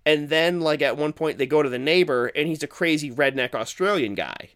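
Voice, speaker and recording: A man's voice: fairly high pitch, expressive, a little fast, a bit bright. Casual, profane male podcast host. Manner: casual and profane, rambling with fillers. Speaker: podcast co-host reviewing horror films. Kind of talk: casual chat.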